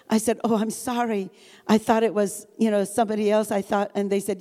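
An older woman giving an earnest spoken testimony, halting often with filler words. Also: medium pitch, level tone, warm tone. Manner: earnest, halting, with frequent "you know" fillers. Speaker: guest speaker giving testimony. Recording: long reverb, as in a large hall.

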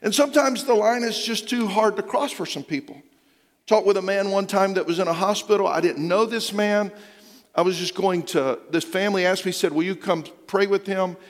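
Middle-aged man, pastor, storytelling sermon, fairly high voice, long hall reverb. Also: fairly quick. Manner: storytelling, dropping to a hushed voice for quoted lines and rising when urging.

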